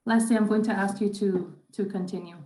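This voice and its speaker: A woman's voice: medium pitch, fairly even intonation, fast talker, a little mellow. Apologetic woman moderator in an echoey room. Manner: apologetic, organizing, with fillers. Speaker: seminar moderator.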